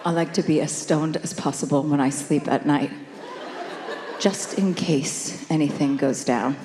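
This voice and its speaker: A woman doing stand-up, telling a story in a deadpan way and laughing at her own lines. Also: deep voice, measured pace. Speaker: stand-up comedian. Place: theater stage before a live audience. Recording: roomy hall reverb with background noise.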